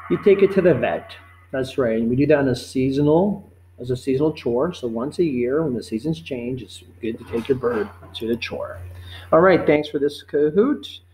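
A man teaching a life-skills quiz, reading each question slowly and patiently, then repeating it before giving the answer. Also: medium pitch, a little mellow, a little hiss or hum, poor audio. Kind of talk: quiz lesson narration.

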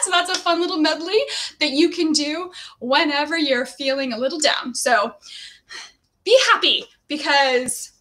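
A woman reading stories aloud to children in a cheerful, animated and expressive way. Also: sits high, measured pace, slight background noise. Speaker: storyteller for children. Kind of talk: children's read-aloud storytime.

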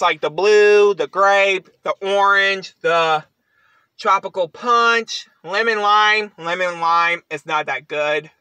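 A man giving a casual product review, rambling and halting with frequent fillers. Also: sits high, bright, forceful tone, clear, resonant tone, no echo.

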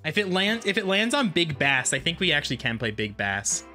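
A game streamer giving casual let's-play commentary, excitable and quick to swear and yelp at sudden scares. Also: medium pitch, faint music behind. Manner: excitable, swears a lot, yelps at jump scares.

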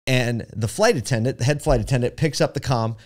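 A man's voice: medium pitch, a little fast. A man hosting a podcast, telling a story in a chatty way with many fillers and asides. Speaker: podcast host. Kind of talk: casual storytelling monologue.

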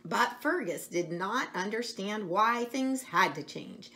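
Middle-aged lady reading a kids book aloud, slow and sing-songy, chatting to the kids. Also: medium pitch, a little hiss or hum. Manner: expressive, slow, chats to the listener between pages. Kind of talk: read-aloud storytelling for children.

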